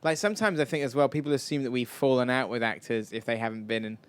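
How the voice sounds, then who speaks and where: A man's voice: medium pitch, quick pace, smooth. A man answering audience questions at a live event, chatty and rambling, often self-deprecating. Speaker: filmmaker guest.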